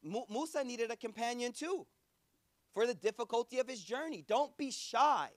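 A man's voice: very high-pitched, lively intonation, moderate pace, no echo. A man preaching in a casual, conversational way, acting out quoted voices. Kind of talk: sermon.

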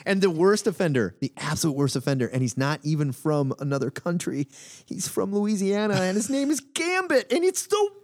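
Casting: podcast co-host, man, high voice, very lively pitch swings, ranty and laughing. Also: brisk. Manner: animated, laughing, mocks accents in exaggerated bursts. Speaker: co-host of a comic book call-in podcast. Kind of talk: casual chat.

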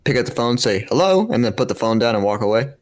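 A man's voice: mid-range voice, very animated, quick pace. A man co-hosting a podcast, chiming in earnestly during casual chat. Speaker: podcast co-host.

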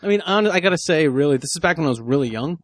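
A man chatting casually on a podcast, an animated storyteller. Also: rapid-fire, no room sound. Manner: animated storyteller who mimics people in high squeaky voices. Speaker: podcast co-host. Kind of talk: casual chat.

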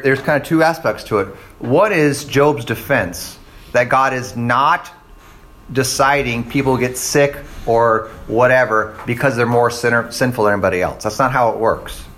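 This pastor preaches conversationally in a slightly bright, mid-range male voice. He keeps checking in with his listeners through "right?" and "okay?" and acts out the voices of the people he quotes.

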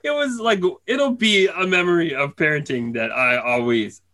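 Bright male storyteller, animated and laughing, casual podcast chat. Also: fairly high pitch, moderate pace. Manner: animated, laughing often, acts out family voices.

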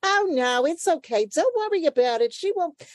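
A woman putting on a high fluttery older neighbor lady. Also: expressive, normal speed, darkish tone, no room sound, clean studio sound. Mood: soothing.

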